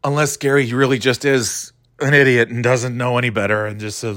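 A man's voice: mid-range voice, little pitch movement, brisk, fairly bright tone, dry recording, studio quality. A middle-aged man ranting casually, swearing often, sarcastic and grumbling, often stumbling and restarting his words. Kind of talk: rambling casual rant.

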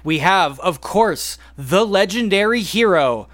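A man's voice: sits high, expressive, unhurried, fairly bright tone. A man co-hosting a podcast and running a quiz, talking casually and drawing out names like an announcer, laughing often. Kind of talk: casual chat.

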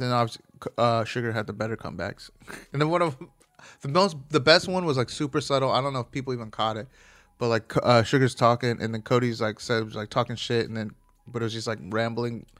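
A man's voice: mid-range voice, a bit bright. A man talking casually as a host, rambling and swearing, often stopping to correct himself. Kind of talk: casual chat about fights.

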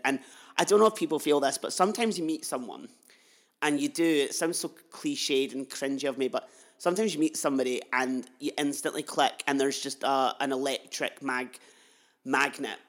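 A young man hosting a casual podcast interview, gushing and effusive, talking warmly about his guest. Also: medium pitch. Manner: gushing, effusive, laughs often. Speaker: podcast host.

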